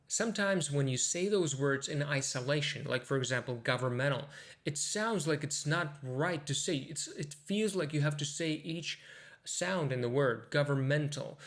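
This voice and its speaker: Man, pronunciation teacher, somewhat high voice, casual lesson, slow emphatic demonstrations. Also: fairly bright tone. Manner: demonstrates words slowly and with emphasis.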